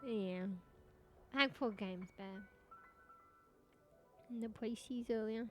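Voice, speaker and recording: A woman streaming a game, giving live commentary, cursing often and shouting callouts to teammates. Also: on the high side, slow pace. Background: background music.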